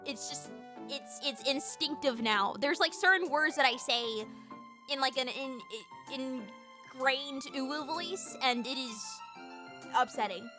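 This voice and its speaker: A woman streamer in casual, bubbly, profane chat with her viewers. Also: high voice.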